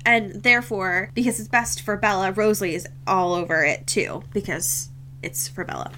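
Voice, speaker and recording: A woman's voice: medium pitch, moderate pace, pushed and bright, slight background noise. A young woman co-hosting a podcast, recapping a book in casual chat, laughing often and swearing as she acts out the characters' lines.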